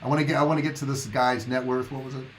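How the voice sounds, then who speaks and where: A man's voice: mid-range voice, level tone, racing, a little hiss or hum, rough recording. A man hosting a casual live stream, talking to his viewers in a loose, rambling, chatty way. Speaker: livestream host.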